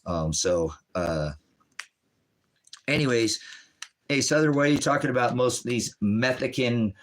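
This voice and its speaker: A middle-aged man hosting a livestream, talking in a rambling, animated way with quick asides and voices for the people he quotes. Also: medium pitch, rough recording. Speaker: livestream host.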